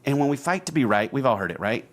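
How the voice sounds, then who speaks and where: A middle-aged man talks through advice as a podcast host. His voice sits at an ordinary middle pitch, and his manner is earnest and teaching. He repeats and stresses his main points. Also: expressive, fast. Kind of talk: casual advice talk.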